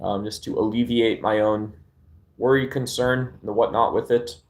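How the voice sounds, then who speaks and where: A man from Arizona, United States, hosts a casual livestream chat, talking into his phone at home. His voice is fairly low and fairly even at a moderate pace, and he's laid-back and rambling, with plenty of fillers and restarts.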